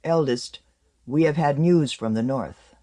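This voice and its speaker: A man voicing an alien envoy who speaks in a quiet, grave voice. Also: mid-range voice, a little slow, lightly acted.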